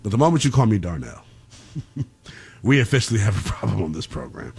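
A young man hosting a call-in sports radio show, ranting in a slangy, animated way. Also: fairly low pitch, fairly quick, creaky, breathy edge. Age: young adult.

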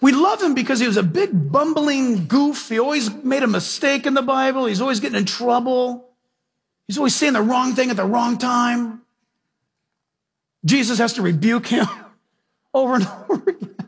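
A man's voice: extremely high pitch, expressive, moderate pace, slightly rough. A man preaching a sermon emphatically, often asking the congregation questions.

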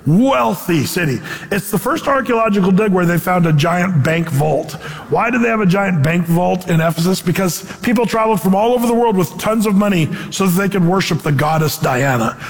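A male pastor with a high voice delivers a casual, animated sermon. He drops into playful voices when quoting people and laughs along the way. His words trail off into the long echo of a large hall. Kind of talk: conversational sermon.

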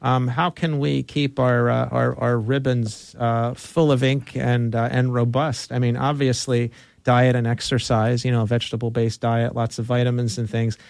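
A man's voice: mid-range voice, flat delivery, normal speed, creaky, a little mellow, no room sound, studio quality. A man hosting a casual health conversation, joking and thinking aloud with restarts. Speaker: host. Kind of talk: casual interview chat.

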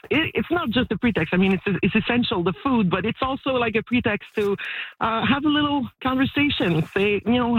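A woman association director in an interview clip, talking in a halting way with restarts. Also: mid-range voice, slightly rough, dry recording, narrow, tinny audio.

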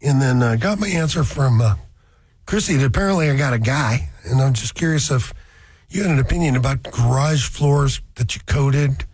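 Husky-voiced man hosting a radio chat. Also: mid-range voice, normal speed, darkish tone, no echo. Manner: rambling, chuckling, folksy asides. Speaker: radio show host.

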